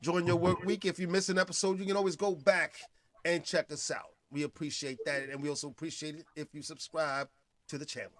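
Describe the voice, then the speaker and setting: A man's voice: a little high, flat delivery, a little fast, fairly bright tone. A man hosting a casual chat podcast, easygoing and agreeable, plugging the show to listeners. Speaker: host.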